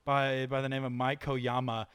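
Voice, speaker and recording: A man's voice: mid-range voice, level tone, moderate pace, a bit bright, smooth. A man co-hosting a chat podcast, joking around and trailing off mid-sentence. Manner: jokey, laughs often, trailing sentences. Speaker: podcast co-host. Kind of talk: casual chat.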